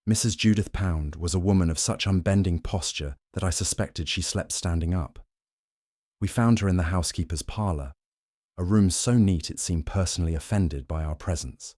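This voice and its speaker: A male narrator reads a mystery audiobook in a measured, wry way. His voice sits very low. The recording is close and dry. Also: a little mellow, dry recording. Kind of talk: scripted narration.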